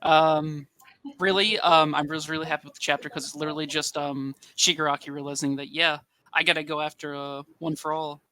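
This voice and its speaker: Man, casual podcast co-host, halting with ums, very bright tone. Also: fairly high pitch, flat delivery, smooth. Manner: hesitant, many ums and restarts. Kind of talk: casual chat.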